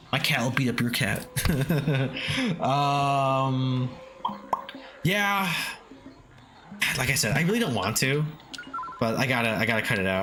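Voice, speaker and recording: A man's voice: medium pitch, a bit bright. A man streaming games, chatting casually, reading chat aloud, swearing freely and chuckling often. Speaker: game streamer. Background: faint lofi background music.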